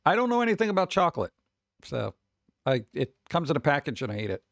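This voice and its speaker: A man streaming casual reaction chat, rambling and joking, breaking into quick put-on voices for his bits. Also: fairly high pitch, very animated, creaky, no room sound.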